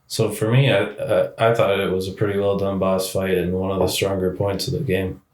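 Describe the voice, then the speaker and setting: A man's voice: low-pitched, little pitch movement, fairly quick, roomy sound. A man co-hosting a game podcast, steadily explaining his points in casual chat. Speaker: podcast co-host.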